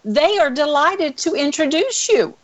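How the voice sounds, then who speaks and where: A woman sales coach with an energetic, animated way of telling stories, speaking as a guest over a call. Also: high voice, measured pace. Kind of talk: storytelling interview answer. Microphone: call recording.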